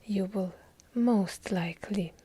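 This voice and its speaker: A woman's voice: medium pitch, takes it slowly, mellow, slightly rough. Whispering woman with heavy Russian accent. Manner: rambling, easily sidetracked, playful mock-serious. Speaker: ASMR channel host. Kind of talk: whispered ASMR. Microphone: handheld field recorder, close.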